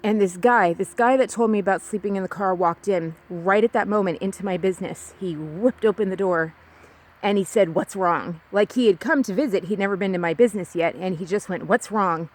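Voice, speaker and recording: A woman's voice: mid-range voice, fairly quick, darkish tone. A young woman from California telling a personal story alone, rambling and confiding, with many restarts and fillers. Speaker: podcast host.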